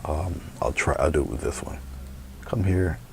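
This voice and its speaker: A man teaching painting in a relaxed, chatty way, talking through his brushwork as he paints live. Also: a bass voice, fairly quick, vocal fry, slight background noise. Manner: relaxed, chatty, thinking aloud. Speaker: painting instructor.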